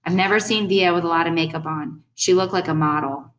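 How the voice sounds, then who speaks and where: Young woman reading an audiobook, lowish voice, steady and earnest. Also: fairly quick, poor audio. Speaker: audiobook narrator. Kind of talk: first-person audiobook narration.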